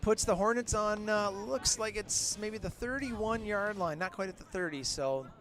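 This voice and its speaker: A middle-aged man calling a local high school football game as play-by-play announcer, openly rooting for the home team and shouting on big plays. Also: normal speed. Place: outdoors at a football field. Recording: crowd and outdoor noise behind. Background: crowd noise from the stands.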